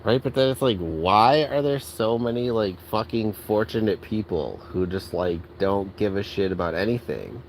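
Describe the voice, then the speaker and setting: A man with a lowish voice vents in an exasperated, profanity-laced rant. He speaks casually with lots of filler words. A faint hum of traffic sits behind him. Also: expressive, moderate pace, hardly any pauses, low-quality recording. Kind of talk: angry rant.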